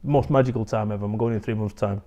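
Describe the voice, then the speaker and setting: A man's voice: lowish voice, steady tone, fast talker, mellow. A man, a motivational speaker talking bluntly and animatedly in an interview, swearing freely. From England. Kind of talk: candid interview talk.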